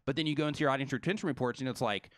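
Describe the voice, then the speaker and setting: A man co-hosting a live stream, rolling along at a fast, energetic clip and packing his talk with "you know" and "right". His voice sits mid-range, and the close mic leaves it dry with almost no room sound. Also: mid-range voice, no room sound. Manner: fast, energetic, filler-heavy. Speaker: co-host.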